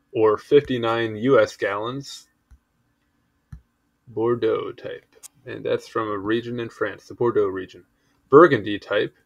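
A man reading an encyclopedia article aloud in a casual way, stumbling over words and adding offhand asides. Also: lowish voice. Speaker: article reader.

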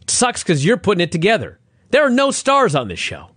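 A grumpy veteran male wrestler, whining and aggrieved, as a man acts him out in a recap. His voice is pitched high and lurches up and down. The recording is dry. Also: huge pitch swings, brisk, fairly bright tone, slightly rough, no echo, exaggerated voice. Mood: indignant.

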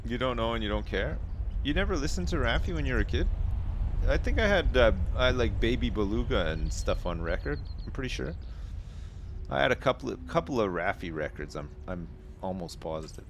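A man's voice: mid-range voice, animated, a little fast, a little hiss or hum. A British man casually chatting and swearing while livestreaming a game, bantering sarcastically with his chat. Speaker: streamer. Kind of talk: casual live game commentary.

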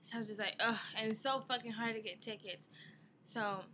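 A woman's voice: a little high, steady tone, fairly quick, pushed and bright, a little hiss or hum. A young woman in a casual vlog, telling an exasperated story about her day with a lot of swearing. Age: young adult. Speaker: vlogger.

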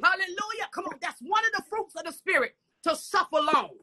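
A woman's voice: very high voice, expressive, fairly quick, sharp tone. A woman preaching a fervent sermon, punctuating her words with "come on" and "hallelujah" and dropping at times into whispered asides.

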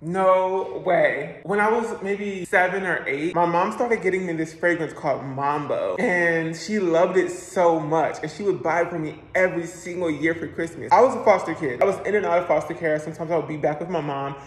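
A man's voice: fairly high pitch, brisk, hardly any pauses. A young man vlogging casually at home, chatty and emotional, often exclaiming and laughing. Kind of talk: casual diary vlog. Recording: roomy echo, faint noise.

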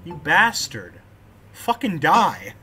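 A young man hosting a gaming video, joking with a friend in loud, profane banter. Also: a little high, wildly swooping pitch, takes it slowly, over music. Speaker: gaming channel host. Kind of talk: casual gaming chat with a friend.

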